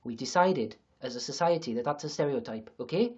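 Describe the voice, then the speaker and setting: A man's voice: mid-range voice, animated, fairly quick, darkish tone, breathy edge, highs cut off. Rambling joking male streamer. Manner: rambling, joking, self-mocking, swears freely. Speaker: livestream host. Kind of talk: casual comedic livestream chat.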